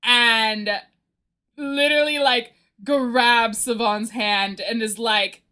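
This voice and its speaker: A woman streamer chatting casually on a livestream, telling a rambling, animated story and often giggling. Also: fairly high pitch, slow pace, smooth.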